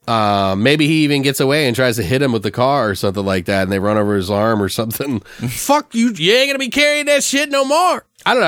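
A man casually brainstorming a story out loud, rambling, swearing a lot and acting out his characters' lines. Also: on the low side, smooth, no echo, studio quality.

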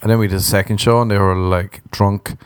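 Irish man, low voice, casual comic storytelling, sardonic, profane, deadpan, dry close sound. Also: fairly quick, clear, resonant tone, dry recording. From Ireland. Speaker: comedian.

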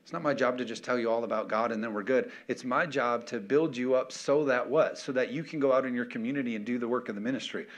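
A man's voice: mid-range voice, steady tone, quick pace, few pauses. A middle-aged male pastor preaching emphatically, firing off rhetorical questions and calling for amens. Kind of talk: sermon.

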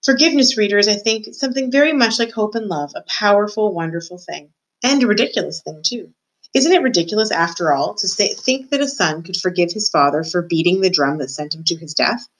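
A woman, a student reader, narrating a novel aloud in a steady, measured way. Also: medium pitch, poor audio.

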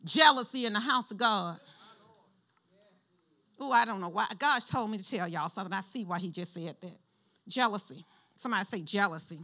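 A middle-aged woman pastor delivers a sermon in a lively, conversational way, urging the congregation to answer back. Her voice sits in the mid range, and she talks fairly quickly but leaves long pauses.

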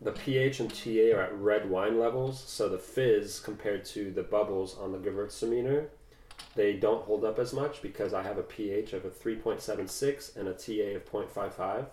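A young man, a first-time winemaker, chatting casually and technically about his wine with fillers and pauses. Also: lowish voice, darkish tone. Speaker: winemaker guest. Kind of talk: casual chat. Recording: echoey room.

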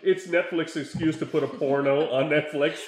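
A man hosting a casual chat, telling stories in an animated way and laughing often. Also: fairly high pitch, moderate pace. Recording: roomy echo.

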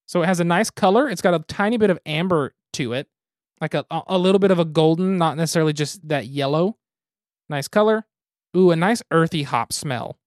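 Podcast host, man, relaxed and methodical, mid pitch, dry close sound. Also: fairly quick, dry recording. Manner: easygoing, methodical reviewer. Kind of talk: casual podcast chat, beer and game review.

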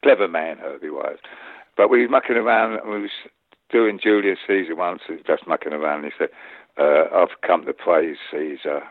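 An older man with an East London accent, a guest telling rambling stories with an animated, chuckling manner. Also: low voice, fairly quick, no echo. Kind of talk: anecdotal interview chat. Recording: tinny phone-like line.

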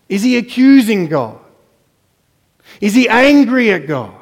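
Preaching in a church hall that carries a long echo, a man speaks at a measured pace with lively intonation. His sermon moves dramatically from hushed, low remarks to loud, emphatic statements.

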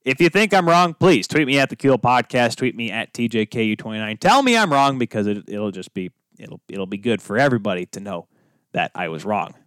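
A man's voice: mid-range voice, expressive, brisk, fairly bright tone, clear, resonant tone, no echo, studio quality. A man hosting his own sports podcast alone, talking casually and drifting off on tangents with self-deprecating asides. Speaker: podcast host. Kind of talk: solo podcast monologue.

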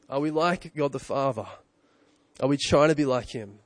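A man's voice: medium pitch, moderate pace, no echo. A man in his thirties, a pastor preaching a conversational sermon full of rhetorical questions and self-corrections.

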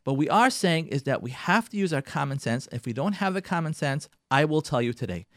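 A man's voice: a little high, lively intonation, fairly quick, no room sound, clean studio sound. A man hosting a radio talk segment, giving marriage advice in an impassioned, repetitive way with Hebrew and Yiddish terms mixed in. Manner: emphatic, repeats phrases, sprinkles Hebrew and Yiddish terms. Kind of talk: impassioned monologue.

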